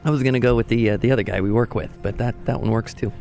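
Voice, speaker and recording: A man's voice: mid-range voice, fairly even intonation, racing, gravelly, darkish tone, soft background music. A man co-hosting a radio show, reading news items and dropping dry one-liners. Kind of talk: casual news banter.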